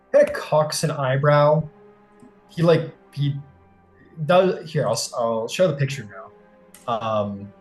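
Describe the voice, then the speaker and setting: A man's voice: mid-range voice, roomy sound. Loose, rambling man running a tabletop game. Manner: loose, hesitant, many fillers. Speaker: game master.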